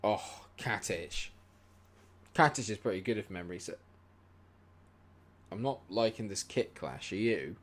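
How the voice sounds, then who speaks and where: A man streaming a football management game, muttering, then shouting and swearing at the match. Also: on the low side, lively intonation, a little slow, long pauses. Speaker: gaming streamer. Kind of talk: live gameplay commentary.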